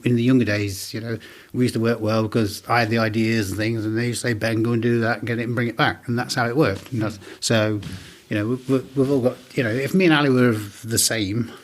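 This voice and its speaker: A businessman in his forties tells his stories with animated energy. He slips into the voices of the people he quotes, keeping an easy, conversational tone throughout the interview. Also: on the low side. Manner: animated anecdotes, acts out quoted dialogue. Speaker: business owner guest. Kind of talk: casual storytelling interview.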